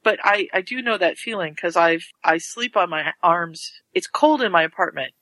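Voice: medium pitch, lively intonation, moderate pace, bright, forceful tone, no echo, rough recording. A podcast co-host telling everyday stories in chatty detail during casual conversation. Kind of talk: casual chat.

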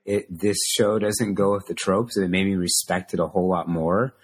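A man's voice: sits low, fairly even intonation, normal speed, slightly rough. A man in a casual chat who rambles and hesitates while telling his thoughts.

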